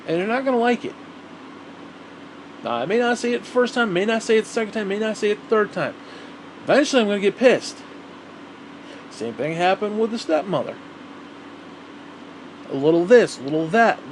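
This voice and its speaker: A man's voice: high-pitched, a little hiss or hum. A man ranting to the camera in a rambling, profane monologue, repeating himself as he grows heated. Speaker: vlogger.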